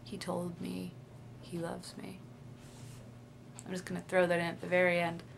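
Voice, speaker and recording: A young woman with a lowish voice shares her feelings in a confessional video diary. She speaks in a dreamy, confiding way, trailing off and restarting her sentences. A faint hiss sits under the recording. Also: monotone, normal speed, gravelly. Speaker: vlogger.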